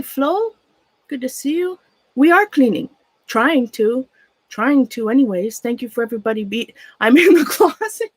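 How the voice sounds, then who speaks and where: Captured on a dry recording with poor audio, this middle-aged livestreamer has a fairly high-pitched voice. She chats casually while sorting old things from a closet, nervous and shaky, rambling and naming viewers as she greets them.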